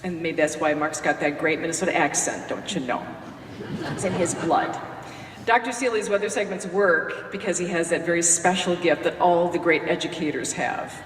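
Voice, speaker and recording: A woman who hosts a radio morning show gives a folksy, joking tribute speech from a podium in a lecture hall. Her voice is lowish and moderately paced. The recording is echoey and distant, with slight background noise.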